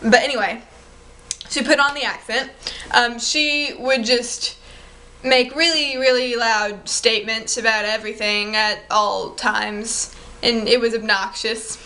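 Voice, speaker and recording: A woman vlogging casually to camera, rambling in an exasperated, excitable way. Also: on the high side, a little slow.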